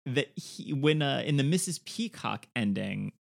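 Podcast co-host, male, gravelly voice, eager casual film chat. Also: mid-range voice, lively intonation. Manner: enthusiastic, quick to quote lines in silly voices.

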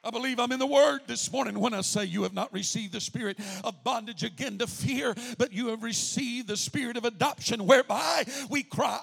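A male pastor preaching a sermon, leading the congregation in call-and-response and building to shouted declarations. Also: extremely high pitch, vocal fry, husky.

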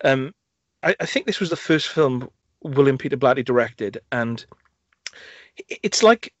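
A young man talks films on a podcast, piling up "like" and "um" as he retells scenes he loves. His voice sits at an ordinary middle pitch. The recording is muffled and lo-fi, with a dry sound and no room echo. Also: lively intonation, a little slow. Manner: enthusiastic, rambling storyteller with many fillers and restarts. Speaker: film podcast host. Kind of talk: casual chat reviewing films.

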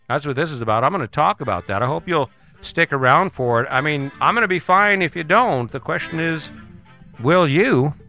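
A man's voice: a little high, lively intonation, normal speed, sharp tone, soft background music. A man hosting a motivational monologue, talking casually and rambling with frequent restarts.

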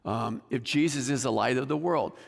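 A man's voice: medium pitch, normal speed, creaky, in a large hall. A male pastor giving a conversational sermon and putting questions to the congregation.

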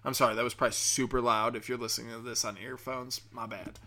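A man's voice: mid-range voice, little pitch movement, fast talker, pushed and bright. Tipsy young man ranting crudely. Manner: rambling, profane, with frequent fillers. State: tipsy from drinking. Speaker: comedian and podcast host. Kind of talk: crude comedic rant.

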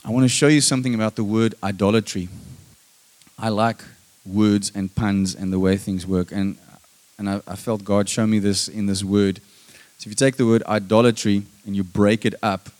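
A man preaching a sermon, emphatic and calling for amens, moving between loud stressed lines and soft hushed passages. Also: fairly low pitch, fairly even intonation, normal speed. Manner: emphatic, calls for "Amen?" from the congregation.

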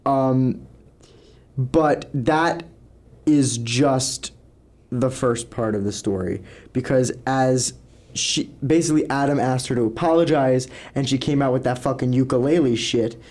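A man's voice: medium pitch, measured pace, a little mellow. A young man co-hosting a podcast, telling stories in a rambling, casual way and swearing freely. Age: young adult. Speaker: podcast co-host.

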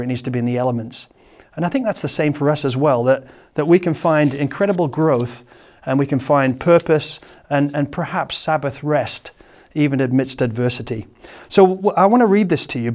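A man preaching a sermon, explaining a psalm in a halting, searching way and often repeating words, then reading scripture slowly. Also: medium pitch, darkish tone. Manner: slow, measured scripture reading.

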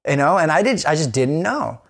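A man's voice: a little high, big pitch swings, a little fast, fairly bright tone. A man co-hosting a podcast, talking candidly in a casual chat, rambling with many fillers and restarts. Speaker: podcast co-host.

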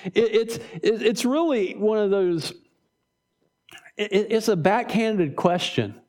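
A man with a high voice preaches a sermon. He talks in an animated way, acts out short exchanges of dialogue and stumbles over repeated words as his points build. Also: slow pace. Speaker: pastor.

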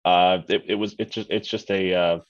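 A man co-hosting a podcast in casual chat, rambling with halting restarts over a remote call mic. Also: low-pitched, steady tone. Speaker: podcast co-host. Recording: muffled lo-fi audio.

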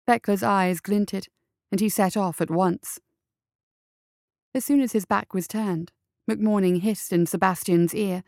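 A woman narrating a story as an audiobook, in a measured, even storytelling manner. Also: medium pitch, vocal fry, no room sound, clean studio sound.

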